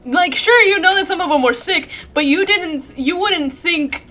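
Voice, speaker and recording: Bright high-voiced woman streamer chatting. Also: unhurried. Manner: rambling, chatty, swears freely, laughs often. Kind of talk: casual chat while playing a game.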